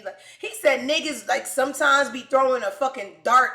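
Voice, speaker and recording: A woman hosting a show, telling stories in a brash, profane way, swinging from quiet asides to loud outbursts. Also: sits high, normal speed, vocal fry, echoey room. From New York. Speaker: show host. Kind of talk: casual comedic storytelling.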